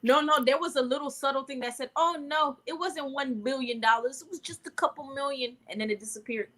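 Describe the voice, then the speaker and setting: A woman's voice: high-pitched, brisk. A woman co-hosting a podcast, telling stories in loose, slangy, casual chat. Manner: loose slangy storytelling, animated gossip. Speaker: podcast co-host.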